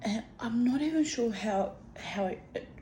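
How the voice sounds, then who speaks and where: An older woman telling a rambling personal story to camera, acting out what people said in lively voices. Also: on the high side, normal speed, slight background noise. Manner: chatty, rambling, quotes others in lively voices. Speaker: vlogger. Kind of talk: casual storytelling.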